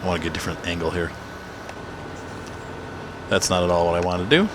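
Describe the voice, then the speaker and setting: This one is fast and low-pitched, recorded on a desk mic at home against background noise. He's a gaming channel host giving loose, chatty commentary while he plays, meandering and teasing himself.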